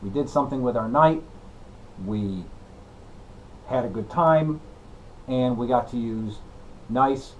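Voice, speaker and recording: A young man hosting a casual woodworking vlog, goofy and excitable, breaking into shouted exclamations. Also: medium pitch, muffled recording, slight background noise. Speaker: woodworking channel host.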